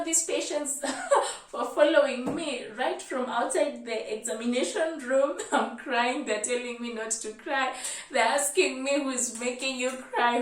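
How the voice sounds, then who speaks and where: Woman, 20s, Kenyan accent, animated storytelling vlog, slightly high voice, echoey room. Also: distant mic. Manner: animated storytelling, lively retelling. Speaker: medical student vlogger.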